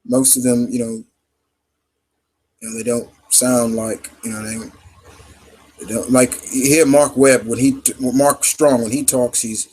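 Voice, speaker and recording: Man, live Q&A host, casual chat, rambling with fillers, middle pitch. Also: flat delivery, unhurried, long pauses, darkish tone, breathy edge, poor audio. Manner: rambling, heavy with fillers and restarts.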